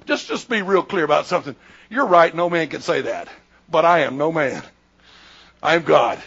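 A preacher voicing Jesus, calm and firm. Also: male voice, sits high, normal speed, muffled recording, full character voice. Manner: plain-spoken, emphatic, colloquial. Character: Jesus, calm, firm, matter-of-fact man.

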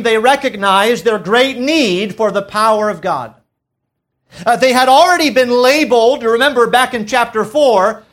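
A man preaching a sermon as pastor of his church, reading scripture aloud and stressing key words by slowing down and dropping his voice low. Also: fairly bright tone. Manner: reads scripture in King James wording.

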